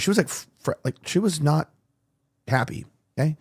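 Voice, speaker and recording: A man's voice: mid-range voice, expressive, fast talker. A male podcast host in casual chat, rambling as he tells stories and acts out quoted dialogue.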